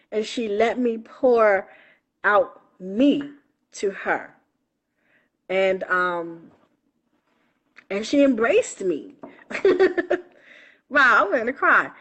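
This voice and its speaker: A woman spiritual coach in a casual live stream on her phone, affectionate and laughing often, calling listeners baby and honey. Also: mid-range voice.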